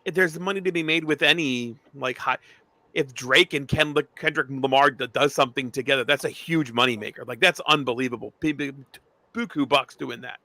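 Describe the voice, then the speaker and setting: A man in a casual podcast chat who teases and jokes in an animated way. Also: medium pitch, brisk, no echo. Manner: joking, teasing, animated.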